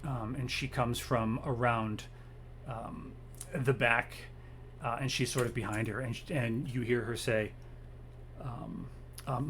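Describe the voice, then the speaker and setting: A man's voice: mid-range voice, steady tone, slow, long pauses, fairly bright tone, slight background noise. A man narrating a tabletop game as game master, hesitant with many ums and uhs.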